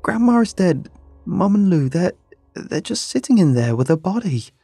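A man voicing a frantic, horrified young woman who pleads and shouts in panic. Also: medium pitch, animated, slow pace, gravelly, breathy edge, dry recording, faint music behind, voice pushed up, exaggerated voice. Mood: hysterical.

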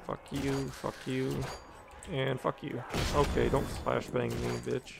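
A young man with a deeply gravelly, fry-heavy voice mutters and curses his way through a gaming session, offhand and profane. The recording from his home mic carries clear background noise and keyboard clatter. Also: flat delivery, unhurried. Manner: profane, offhand, talking to himself. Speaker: gaming commentator. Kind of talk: casual gameplay commentary.

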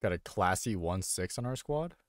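A young man with a deep, expressive voice comments casually on his own video game stream at a moderate pace. Thinking aloud into a desk microphone, he rambles and pokes fun at himself.

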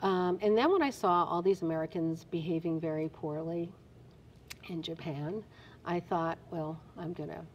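Animated storytelling woman guest. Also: fairly low pitch, moderate pace, muffled recording, slight background noise. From New Jersey. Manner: animated storyteller, expressive and emphatic. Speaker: interview guest. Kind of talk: casual interview chat.

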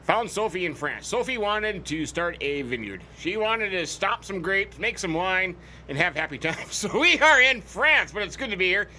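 A man's voice: sits high, animated, normal speed, bright, forceful tone, a little hiss or hum. A man hosting a farming game let's play, chatting in a goofy, rambling way and repeating words for fun. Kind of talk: casual gameplay commentary.

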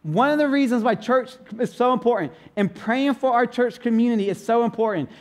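A man, a pastor, preaching a sermon in a church in a playful, emphatic way, slowing down to stress repeated lines. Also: very high-pitched. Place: church sanctuary.

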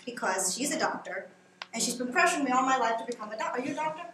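A woman's voice: fairly high pitch, lively intonation, very fast, a bit bright, a little hiss or hum. A woman performing a stand-up comedy monologue on a small theater stage, chatty and teasing as she jokes with the audience. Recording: roomy live room with audience.

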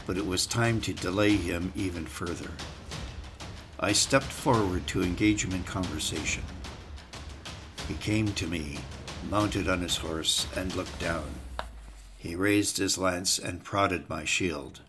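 A man narrating an audiobook in the first person in a measured, deliberate way. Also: sits low. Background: music.

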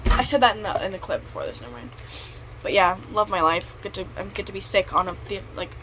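A woman's voice: mid-range voice, lively intonation, fast talker, over music. A young woman vlogging casually from home while sick, rambling and correcting herself as she talks. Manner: rambling, self-correcting, filler-heavy. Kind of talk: casual vlog chat.

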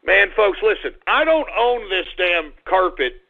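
A man hosting a live radio show, exasperated, yelling and ranting at his dog. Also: high voice, very animated, a little slow, creaky. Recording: tinny phone-like radio audio.

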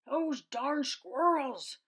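A grouchy old man yells out of a children's storybook, as a woman puts him on. He drags each word out slowly and loudly, sour and fed up. The voice sits somewhat low. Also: animated, full character voice. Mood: angry shouting. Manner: slow, loud, shouting. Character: grumpy old man who hates squirrels.

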